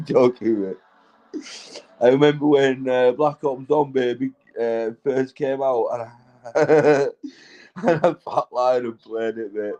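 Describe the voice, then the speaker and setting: A British man, high, rambling loosely and laughing between crude remarks while chatting on a livestream. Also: measured pace, dark tone, muffled recording. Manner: rambling, sweary, laughs often. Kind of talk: rambling casual livestream chat.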